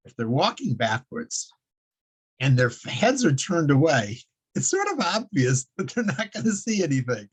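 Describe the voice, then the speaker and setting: A man's voice: fairly high pitch, wildly swooping pitch, unhurried, pauses often, husky. A man teaching a weekly religious class in a rambling, casual way, with frequent fillers, restarts and chuckles.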